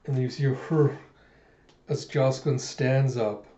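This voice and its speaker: A man hosting a manga readthrough, retelling the story in an animated, casual way with spoken sound effects. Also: medium pitch, a little slow. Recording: echoey room, dull lo-fi sound.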